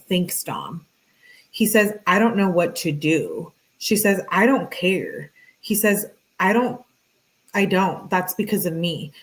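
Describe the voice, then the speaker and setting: A woman's voice: on the low side, low-quality recording. A woman hosting a true-crime commentary, reading text messages aloud with blunt, conversational, exasperated asides.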